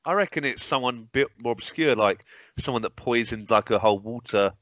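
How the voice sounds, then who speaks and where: Man, podcast co-host, bright voice, dull video call audio, dry. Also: mid-range voice, fairly quick. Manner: chatty, self-mocking. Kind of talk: casual chat.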